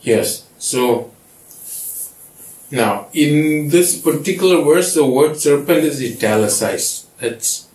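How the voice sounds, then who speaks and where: Slow-talking pastor in echoey room. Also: male voice, fairly high pitch, lively intonation, darkish tone, far from the mic. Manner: keeps checking with listeners. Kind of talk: Bible study teaching.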